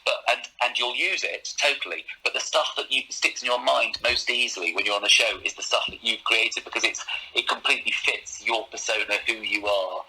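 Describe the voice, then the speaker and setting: A middle-aged man, a comedian, chatting as a podcast guest, animated with quick asides. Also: medium pitch, husky, low-quality recording. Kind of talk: casual podcast chat.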